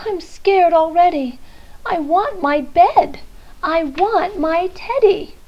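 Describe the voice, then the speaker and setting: A woman's voice: very high-pitched, slow. Small scared boy for a storybook, read by a woman; anxious exclaiming, muffled lo-fi sound. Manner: anxious, wide-eyed exclaiming. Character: small frightened boy lost in the woods. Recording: dull lo-fi recording.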